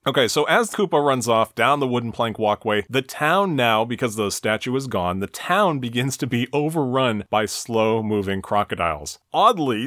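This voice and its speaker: A man's voice: mid-range voice, fairly bright tone, dry recording. A man hosting a podcast, recapping a cartoon episode in a dry, wry tone. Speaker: podcast host. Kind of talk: casual recap commentary.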